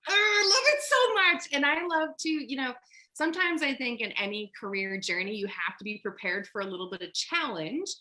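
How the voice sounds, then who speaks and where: A woman's voice: fairly high pitch, animated, fairly quick, sharp tone. A woman hosting a video-call interview, bubbly and gushing, laughing a lot. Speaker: host. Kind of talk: casual interview over video.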